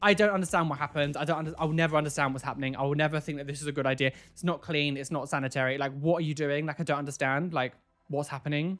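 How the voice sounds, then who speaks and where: A man's voice: on the high side, expressive, fairly quick, fairly bright tone. Incredulous man ranting over faint music. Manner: incredulous, exclaims and repeats "like" and "what"; preachy warnings to viewers. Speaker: reaction video host. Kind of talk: casual reaction commentary.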